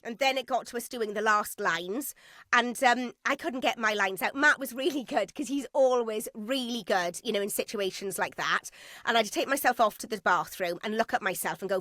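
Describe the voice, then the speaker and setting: Bright-voiced woman telling a story. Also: fairly high pitch, normal speed, no room sound, studio quality. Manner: emotional, animated anecdote with quoted asides. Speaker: guest actress. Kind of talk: podcast interview storytelling. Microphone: podcast studio mic.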